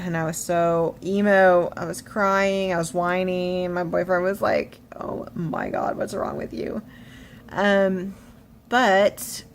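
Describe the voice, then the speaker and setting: A woman telling a story in a casual vlog, animated and a little shaky, acting out what people said. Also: fairly low pitch, a little hiss or hum. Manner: animated storytelling, acts out quotes. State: shaky, emotional. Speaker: vlogger. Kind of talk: casual chatty vlog update.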